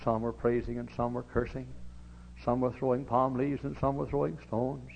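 A man preaching a sermon in a folksy, storytelling way, swinging into shouted exhortation. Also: medium pitch, level tone, moderate pace, creaky, slight background noise. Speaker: pastor. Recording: dull lo-fi recording.

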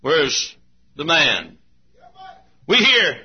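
A man preaching a sermon in a church, folksy, swinging from low asides to shouts. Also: animated, normal speed, husky. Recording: muffled lo-fi recording.

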